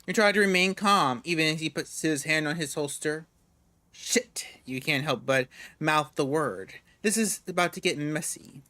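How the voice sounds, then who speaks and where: Guy reading a game out loud, bright sharp voice, kinda high, trips over words. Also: normal speed, no echo. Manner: stumbles and restarts words while reading. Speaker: gamer reading a visual novel aloud. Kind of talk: casual read-aloud game narration.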